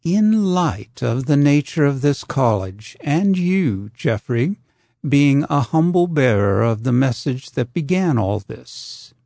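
A man's voice: mid-range voice, sing-song, slow, gravelly, mellow, no echo, studio quality, exaggerated voice. A man voicing a genial elderly male professor who explains things patiently in a storybook reading. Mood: explanatory.

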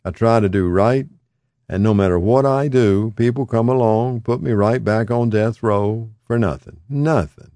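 A man's voice: mid-range voice, measured pace, darkish tone, dry recording, pitched above the performer's own voice, natural voice. A man reading aloud voices a frail, confused older man who repeats himself emphatically in folksy speech and turns fearful and pleading. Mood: mournful.

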